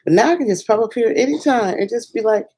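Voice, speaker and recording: A woman chatting excitedly on her first livestream from home at night, rambling and laughing, with sudden bursts of squealing joy. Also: a little high, fast talker, slightly rough, rough recording. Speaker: filmmaker and singer doing her first livestream. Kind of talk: casual excited livestream chat.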